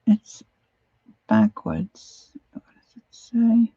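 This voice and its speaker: Woman crafter, unhurried rambling talk, slightly dull home recording. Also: on the high side, gravelly, breathy edge, no room sound. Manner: rambling, talks to herself while rummaging. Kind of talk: casual crafting chat.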